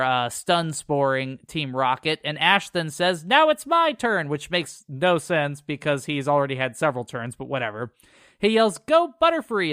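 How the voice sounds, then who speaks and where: A man's voice: fairly high pitch, bright, forceful tone, smooth, dry recording, studio quality. A man co-hosting a podcast, reading an episode summary in a casual way and dropping sarcastic asides. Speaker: podcast co-host recapping episodes.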